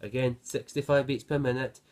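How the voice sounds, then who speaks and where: A man's voice: mid-range voice, steady tone, fairly quick, darkish tone. A man teaching a guitar lesson, counting beats aloud and explaining between passages, with some fillers. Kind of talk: music lesson. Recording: guitar playing behind voice.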